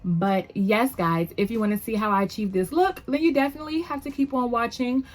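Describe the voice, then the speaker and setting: A woman's voice: a little high, a little fast. Chatty upbeat woman vlogger. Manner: chatty, upbeat, rambling with fillers. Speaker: beauty vlogger. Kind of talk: casual makeup tutorial chat.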